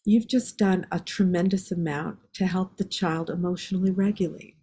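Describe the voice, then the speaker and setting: A woman's voice: fairly low pitch, steady tone, normal speed, warm tone, slight background noise. An older woman, a psychiatry researcher, giving reflective, explanatory answers as an interview guest. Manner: reflective, explanatory, acts out parents' words.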